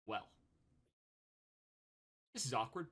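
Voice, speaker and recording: A composed, aloof angel, as a man voices her, talks in a low, quiet, understated way during a tabletop game. Her words come slowly and dryly, with a bright tone kept soft. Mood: calm dry. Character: calm female angel, aloof and wry.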